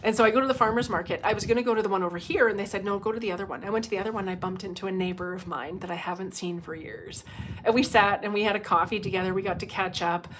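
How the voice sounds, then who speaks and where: A woman talking casually on a livestream as a psychic medium, telling stories in a chatty, animated way and chatting with her viewers. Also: mid-range voice, rapid-fire, a little hiss or hum. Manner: chatty, animated storytelling with frequent asides to viewers. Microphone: livestream microphone.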